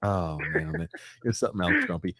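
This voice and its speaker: Male host, quick, low, dry close sound, relaxed call-in banter. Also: no room sound. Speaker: podcast host. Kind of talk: casual sports call-in chat.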